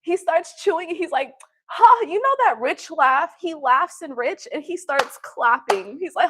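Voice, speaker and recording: A woman's voice: sits high, expressive, measured pace, pushed and bright. A woman hosting a livestream, telling stories in a blunt, profane, casual way and often laughing. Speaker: tarot reader and livestream host.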